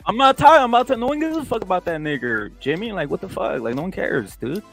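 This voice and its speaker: A man's voice: sits high, sing-song, quick pace, creaky, over loud music. A man in a heated voice chat who keeps interrupting and dismissing the others. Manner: interrupting, repeating hold on, dismissive. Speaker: voice chat participant.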